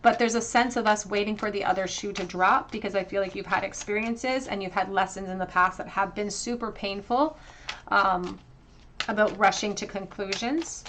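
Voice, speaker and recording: A woman's voice: mid-range voice, a bit bright, a little hiss or hum. Earnest woman doing a tarot reading. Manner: earnest, emotional, halting with many fillers. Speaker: tarot reader.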